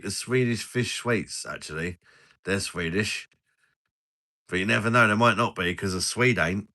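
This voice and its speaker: A man's voice: deep voice, a little slow, pushed and bright. A British man hosting a casual live stream, rambling jokily and laughing as he chats over drinks. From Britain. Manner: rambling, jokey banter with frequent laughs.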